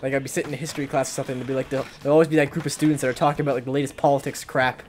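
Fast-talking, giggly young man. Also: medium pitch, level tone, darkish tone, faint music behind. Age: young adult. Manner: giggly, quick banter. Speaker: gaming channel host. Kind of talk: casual gaming commentary.

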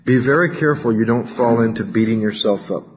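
Man, recovery workshop talk, storytelling, acts out voices, mid pitch, muffled recording. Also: fairly quick. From California. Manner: animated storytelling, acting out quoted voices. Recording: dull low-fidelity recording, faint hiss.

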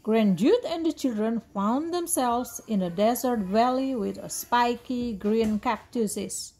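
A woman's voice: on the high side, takes it slowly, hardly any pauses, a little hiss or hum. A woman reading a picture book aloud, voicing the characters with lots of expression. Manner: animated read-aloud with voiced dialogue. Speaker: storybook reader.

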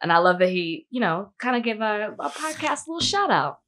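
A woman's voice: medium pitch, very animated, a little fast, a bit bright. A woman co-hosting a podcast, chatting casually and peppering her talk with "like". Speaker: podcast co-host. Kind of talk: casual chat.

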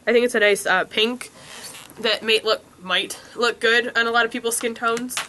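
A woman's voice: fairly high pitch, steady tone, moderate pace, pushed and bright. A young woman with a stuffed-up nose, reviewing lipsticks in a chatty, rambling way with many ums and likes. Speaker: beauty vlogger. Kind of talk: casual product review. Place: room with a window.

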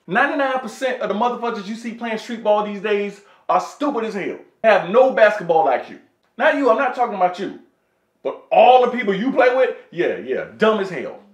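A man vlogging to camera in a casual comedic rant, profane and animated, talking to his viewers as folks. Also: high voice, brisk. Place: indoor room with wooden floor. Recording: echoey room.

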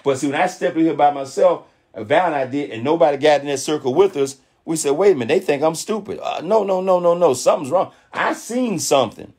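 Man, motivational speaker, husky, a bit high-pitched, preachy, animated. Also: fast, hardly any pauses. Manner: preachy, animated, mimics others' voices in quotes. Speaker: network marketing leader speaking on a call. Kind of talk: motivational talk.

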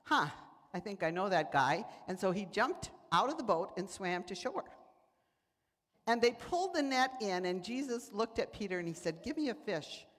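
Woman preacher, lively storytelling sermon, recorded in an echoing sanctuary. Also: medium pitch, moderate pace. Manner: animated, acts out voices in quotes. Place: church sanctuary. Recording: church hall reverb.

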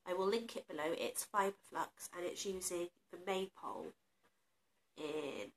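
A woman's voice: fairly low pitch, unhurried, a little hiss or hum. A woman with a stuffy, nasal voice from a cold, chatting casually and self-deprecatingly as she shows off her crochet projects. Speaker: crochet vlogger. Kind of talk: casual show-and-tell chat.

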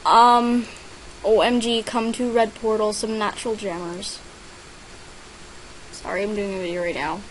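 A teenage girl casually narrating her gameplay at a middle pitch. She reads out player names and chat messages and bursts into excited squeals at gifts. A faint hiss sits under the recording. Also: unhurried, pauses often, poor audio. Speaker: gaming vlogger.

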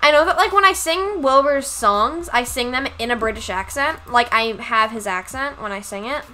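A woman's voice: fairly high pitch, moderate pace, bright, forceful tone, a little hiss or hum, poor audio. A woman streaming a game live, chatting casually and giggling, with a self-deprecating manner.

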